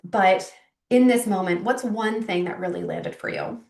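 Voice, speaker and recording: A middle-aged woman coach hosting a live online workshop, warm, effusive and grateful as she wraps up, speaking over a video call. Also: mid-range voice, unhurried, gravelly. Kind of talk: live webinar wrap-up. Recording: roomy sound, distant from the mic.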